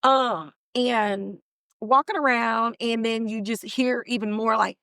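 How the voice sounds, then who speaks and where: A woman hosts a podcast and recaps a TV episode in loose, slangy, animated storytelling. Her voice sits fairly high, and the recording is dry and close. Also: slow pace, vocal fry, no room sound. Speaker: podcast host. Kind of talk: casual TV recap chat.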